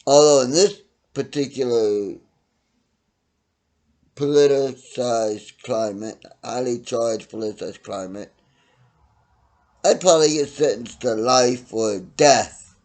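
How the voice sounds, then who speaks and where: Man, middle-aged, slow-talking, blunt profane rant, loud bursts and low mutters. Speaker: vlogger ranting to camera.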